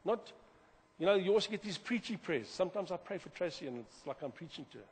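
A man preaching a sermon as pastor, animated, repeating words and swinging from loud to quiet. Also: sits high, fast, a little hiss or hum. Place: church hall. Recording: long hall reverb.

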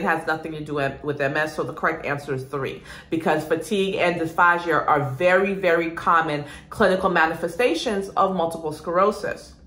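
A woman nursing instructor giving an energetic exam-prep lecture, calling the students "guys" and asking and answering her own questions. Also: lowish voice, roomy sound.

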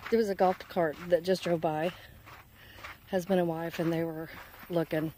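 A vlogger chats casually to her handheld phone camera as she walks along a neighborhood road outdoors, sounding a little out of breath. Her voice is fairly low and warm, with a steady tone and normal speed, and there's a slight hiss or hum.

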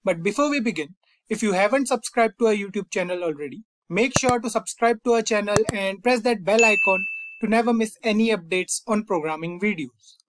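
A young man hosting a coding tutorial, calmly walking through each step and often saying "fine" and "over here". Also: sits high, a little fast, noisy background. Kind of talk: screen-recorded coding lesson.

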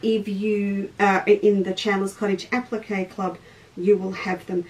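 Hosting a live sewing demo, this Australian craft teacher and shop owner talks chattily and breaks off to say hello to viewers. She speaks unhurriedly in a mid-range voice with little pitch movement, picked up from a distance in low-quality audio with faint noise behind it.

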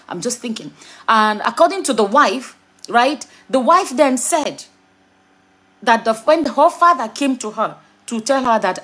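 Middle-aged Nigerian woman vlogger, husky and a touch high, frank, chatty, digressive. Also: expressive, brisk, fairly bright tone. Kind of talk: casual commentary to camera.

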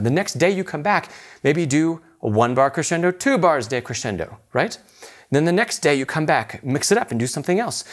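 A man teaching an intermediate piano lesson, explaining patiently and encouragingly, often checking in with rhetorical questions. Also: a little high.

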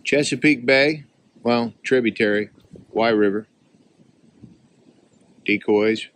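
A man vlogging outdoors on a hunting trip, chatting casually and coaxing his dog along in a fond, high, sing-song voice. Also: slow pace, a bit bright. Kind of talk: casual outdoor vlog narration. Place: outdoors by a river in the wind.

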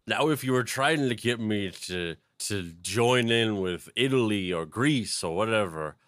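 A man's voice: fairly low pitch, expressive, measured pace, a bit bright, no echo. A man hosting a comedic history podcast, narrating events and breaking off into playful, silly tangents.

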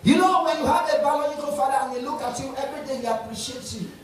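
A man's voice: very high-pitched, fast. Nigerian man preaching in an echoey church hall. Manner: preaching with call-and-response questions to the congregation. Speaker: pastor. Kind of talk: sermon. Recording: echoey church hall, mic at a distance, faint hiss.

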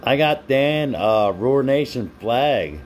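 A man's voice: medium pitch, lively intonation, slow pace, a little mellow. A casual man hosts a live stream from home, reading viewer comments aloud and answering them by name. His voice sits in a middle range and he laughs easily. A faint hiss of background noise runs under the recording. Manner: chatty, laughs often, talks to viewers by name.

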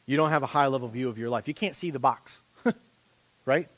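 A man preaching a sermon as pastor, animated and conversational, joking with a volunteer on a church stage. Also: mid-range voice, fast. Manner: animated, rising to loud impassioned preaching.

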